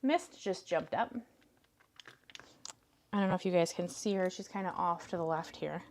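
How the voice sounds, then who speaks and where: A woman hosting a casual crafting livestream, chatting with viewers and coaxing her cats in a soft voice. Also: fairly low pitch, normal speed, a little hiss or hum. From Canada.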